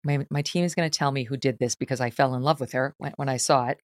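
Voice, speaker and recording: A woman's voice: a bass voice, fast, dry recording. Sarcastic woman podcast host, dry voice. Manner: sarcastic, animated, laughs often. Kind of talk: casual talk-show commentary.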